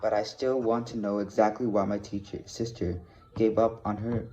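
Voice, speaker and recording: A man reading a novel aloud at a plain, measured pace, with small slips, on a dull lo-fi recording. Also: fairly low pitch, little pitch movement. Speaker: reader of a novel. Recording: dull lo-fi recording with faint hiss.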